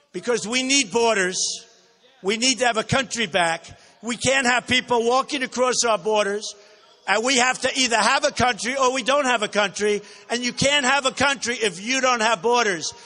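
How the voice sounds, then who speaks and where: Forceful, high-voiced man at a rally. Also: big-room sound. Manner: boastful, repetitive, off-the-cuff; bursts into shouting. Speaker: political candidate. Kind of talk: campaign rally speech. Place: large indoor rally hall with a crowd.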